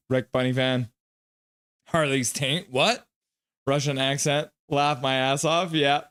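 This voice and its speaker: A man hosting a live reaction stream, chatting with viewers, reading their messages aloud, joking and laughing, and breaking into excited play-by-play calls. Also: medium pitch, slow, long pauses, clear, resonant tone. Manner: reads chat aloud, jokes and laughs often; bursts into excited goal calls. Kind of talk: casual live chat with play-by-play.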